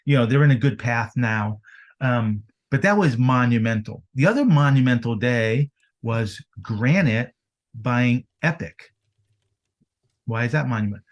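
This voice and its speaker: A man talking business as a podcast guest, energetic and fond of rhetorical questions. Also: mid-range voice. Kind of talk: casual business chat.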